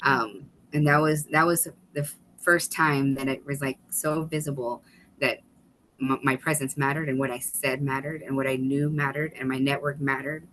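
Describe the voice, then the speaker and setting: A woman guest on a video call webinar, telling an animated story with quick asides and laughter. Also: extremely low pitch, slight background noise, rough recording. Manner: animated, fast-paced storytelling with laughs and restarts. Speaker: guest, author and former state legislator.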